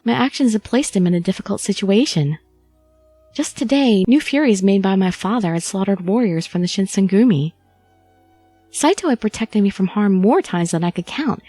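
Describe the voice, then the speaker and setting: A woman's voice: mid-range voice, warm tone, dry recording. A woman reading a first-person audiobook story expressively, as the channel host. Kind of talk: audiobook narration and chatty outro.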